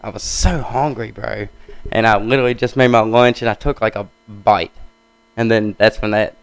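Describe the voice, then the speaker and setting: Young male co-host, slangy and laid-back, low gravelly voice, dry mic. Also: fairly even intonation, moderate pace, dry recording, low-quality recording. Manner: laid-back, slangy, says bro and dude. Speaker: podcast co-host. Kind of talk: casual chat.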